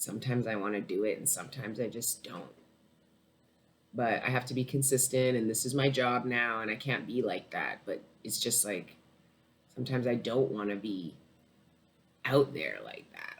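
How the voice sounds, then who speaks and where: A woman's voice: very deep voice, a little slow, long pauses. A woman talks through a tarot reading in a loose, unscripted way. She rambles, swears often and gets emotional, breaking into laughter between her thoughts. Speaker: tarot reader. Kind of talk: casual tarot reading to camera.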